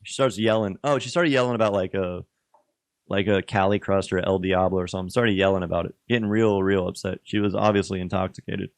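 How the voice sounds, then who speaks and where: Slangy, animated storyteller man. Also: deep voice, a little fast, no echo, studio quality. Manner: animated, slangy, swears freely, says "bro" often. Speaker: pizza restaurant worker, podcast guest. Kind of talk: casual podcast storytelling.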